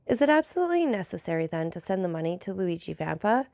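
Woman reading an earnest young gentleman. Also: on the low side, big pitch swings, fast, gravelly, dry recording, studio quality. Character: earnest young gentleman, worried for his friend.

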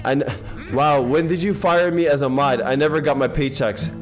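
A man of Ethiopian background giving casual gaming commentary in animated, excitable, slangy banter, tired and half awake. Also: fairly high pitch, normal speed. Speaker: game streamer. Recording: voice over game audio and faint music.

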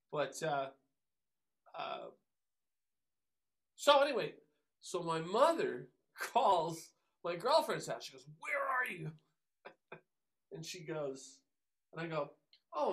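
A man, a drummer telling stories as a guest, animated and acting out the voices of people he quotes. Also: on the high side, unhurried, long pauses. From Long Island, New York. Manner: animated, acts out quoted voices, many fillers. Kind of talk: casual storytelling interview.

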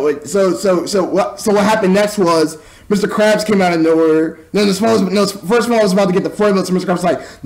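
A man's voice: high-pitched, vocal fry. A man casually recapping and reviewing a movie, rambling with stumbling restarts and mocking asides. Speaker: film reviewer.

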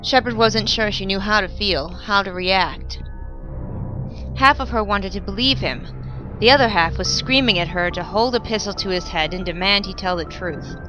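A woman reading her own fan fiction aloud in a calm, even storytelling voice. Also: medium pitch, moderate pace, rough recording. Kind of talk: narrated audiobook-style reading. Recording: music playing behind the voice. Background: background music.

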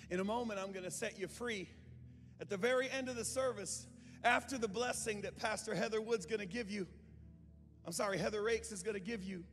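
A man pastor preaching a sermon in a church, moving from calm talk to impassioned shouting, with joking asides. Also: high-pitched, brisk. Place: church sanctuary. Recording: reverberant hall with music behind.

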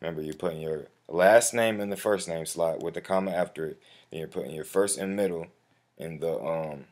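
Man, very low voice, relaxed street-slang delivery, walks viewers through a form over keyboard clicks. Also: brisk. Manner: slangy, addresses viewer as bro; profane when flustered. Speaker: tutorial host. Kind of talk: casual screen-recorded walkthrough. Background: keyboard typing and mouse clicks.

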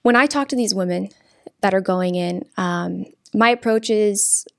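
A woman's voice: mid-range voice, unhurried, creaky, dry recording, studio quality. A young woman guest from California, speaking earnestly in conversation, often restarting and repeating her words. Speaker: interview guest.

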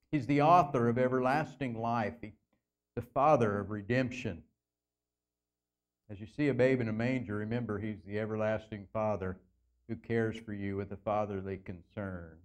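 A man preaching a sermon as pastor in a church, earnest, slowing down and lifting his voice to stress key phrases. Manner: earnest preaching, slows and lifts pitch for emphasis. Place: church sanctuary.

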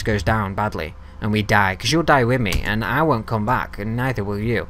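A man's voice: on the low side, moderate pace, hardly any pauses. Young dude narrating his game, talks to the mobs, swears a lot, faint hiss behind. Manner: chatty, talks to viewers and mobs, swears freely; gets loud and excited when ambushed. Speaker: gaming video host. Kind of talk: casual let's-play commentary.

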